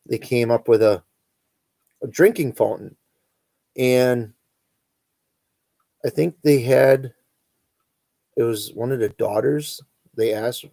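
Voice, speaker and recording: A middle-aged man with an Upper Midwest accent, hosting a relaxed, rambling chat and chuckling as he goes. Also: mid-range voice, gravelly, no echo. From northern Wisconsin. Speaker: host. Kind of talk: casual chat reading live comments.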